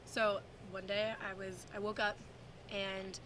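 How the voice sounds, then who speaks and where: A woman's voice: medium pitch, little pitch movement, slow pace. Woman counselor, chatty dramatic storytelling, background noise. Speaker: camp counselor. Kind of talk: casual anecdote to camera.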